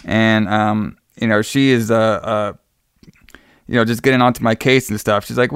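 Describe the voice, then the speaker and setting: A podcast co-host recaps a movie plot casually, rambling and swearing while acting out the characters' lines and laughing along. His voice is lowish and smooth with fairly even intonation at a moderate pace, recorded dry with clean studio sound.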